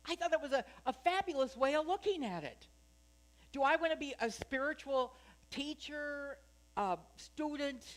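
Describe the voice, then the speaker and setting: A woman minister preaches in a relaxed, conversational way, joking and putting questions to her congregation. Her voice sits a little above the usual pitch. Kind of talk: sermon. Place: spiritual center sanctuary.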